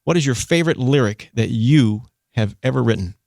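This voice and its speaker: A man hosting a radio interview, asking playful, animated questions in casual chat. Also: medium pitch, brisk, gravelly, no room sound, studio quality. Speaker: radio host.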